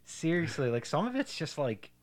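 Animated, rambling male podcast co-host. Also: fairly high pitch, moderate pace, a crowd in the background. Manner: rambling, profane, slips into mocking put-on voices. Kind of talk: casual chat about a movie.

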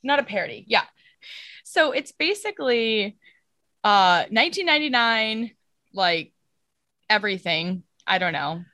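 A woman's voice: medium pitch, lively intonation, a little slow, pauses often, bright, forceful tone, dry recording, clean studio sound. A young adult woman co-hosting a casual podcast, rambling through a plot summary with many fillers and restarts. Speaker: podcast co-host. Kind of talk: casual chat.

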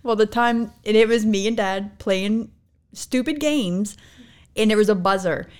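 A woman in a casual chat, telling stories in an animated, giggly way. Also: medium pitch, a little slow, clean tone.

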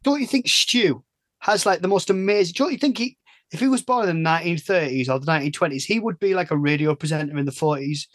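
A man's voice: a little high, fast talker, fairly bright tone, dry recording. An English man in casual podcast chat, rambling and cutting himself off mid-sentence. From England. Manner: chatty, rambling, self-interrupting. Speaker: podcast host.

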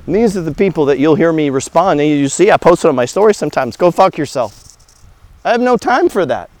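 A man delivers a motivational talk about money in a blunt, preachy way, swearing freely and firing rhetorical questions at the listener. His voice sits somewhat high for a man, and the sound is dry with no room echo. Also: animated, quick pace, a little mellow. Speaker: host.

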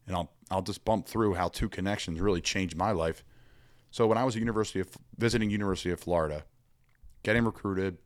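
A young adult man, a pro football player, telling stories as a guest in an energetic, rambling way and acting out the voices he quotes. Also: low-pitched, fast, dry recording. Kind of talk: animated storytelling conversation.

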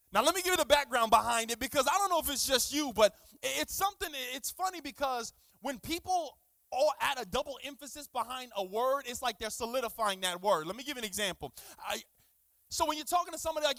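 A man preaching as a guest pastor, lively and conversational, acting out little dialogues and repeating words for emphasis. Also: very high voice, dry recording. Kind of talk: lively sermon.

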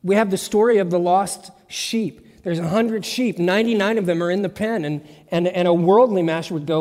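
A man's voice: high-pitched, expressive, normal speed, hardly any pauses, darkish tone. A man preaching a sermon as pastor, in an emphatic, conversational way with lots of repetition. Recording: long church reverb.

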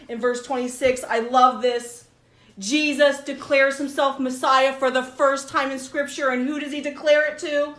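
A middle-aged woman leading a Bible study in a room, teaching with fervent, preacherly passion that builds to near-shouts. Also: fairly high pitch, fairly even intonation, normal speed, roomy sound. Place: room with a group.

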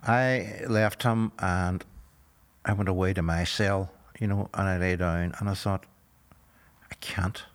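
An older man in his sixties with a Northern Irish accent, telling a story in an interview in a measured, earnest way, often saying "you know". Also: deep voice, steady tone. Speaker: guest.

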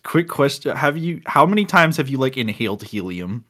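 A young man from Florida co-hosting a podcast in casual chat, excitable, with loud bursts of laughter and stumbling restarts. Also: medium pitch, normal speed. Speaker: podcast co-host. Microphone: home computer mic on a call.

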